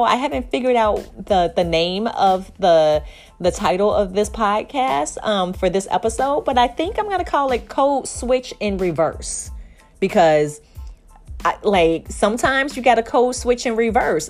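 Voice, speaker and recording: A middle-aged woman from Chicago hosting her own podcast, talking candidly in a rambling way with many restarts and fillers. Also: on the low side. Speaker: podcast host. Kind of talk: casual solo podcast monologue.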